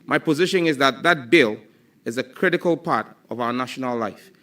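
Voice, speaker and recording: A man's voice: medium pitch, a little fast, a bit bright. A man with a Ghanaian accent, a ministerial nominee answering questions at a parliamentary hearing, firm and declarative. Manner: firm and declarative, stating his position. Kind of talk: formal testimony at a hearing.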